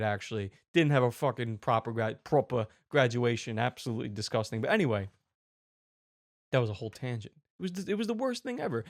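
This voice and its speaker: A man's voice: mid-range voice, lively intonation, a little fast, no room sound. Profane ranting young man, dry sound. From United States. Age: 20s. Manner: angry, profane, sarcastic. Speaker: commentary show host. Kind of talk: ranting commentary.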